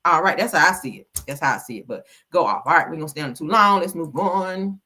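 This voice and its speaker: A woman's voice: deep voice, lively intonation, quick pace, bright, forceful tone, husky. A woman hosting a gossip livestream, sassy and chatty, calling her viewers honey and child. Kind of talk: casual gossip commentary.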